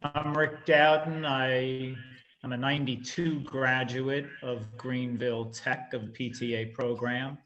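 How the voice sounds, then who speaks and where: An older man joins a video call and introduces himself in an easygoing way. The audio is somewhat muffled, and his pitch sits in the middle range. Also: level tone, measured pace, fairly bright tone. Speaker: meeting participant. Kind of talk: casual self-introduction.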